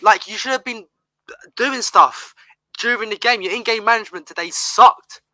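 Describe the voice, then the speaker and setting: Brief: male guest, very bright sharp tone, fairly high voice, heated exasperated rant. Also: normal speed, dry recording, poor audio. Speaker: panel guest. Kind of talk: casual heated fan rant.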